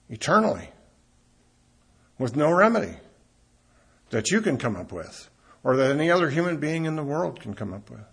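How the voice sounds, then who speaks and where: Slow, husky-voiced male preacher. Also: fairly high pitch. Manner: emphatic, rises and swells on key points. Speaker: pastor. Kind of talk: sermon.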